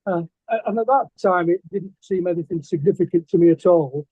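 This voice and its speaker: A man's voice: sits high, fairly quick, slightly rough, no room sound. An older man, a guest artist telling stories in a casual interview, rambling and hesitant with lots of fillers and restarts. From England. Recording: dry, tinny phone-like line.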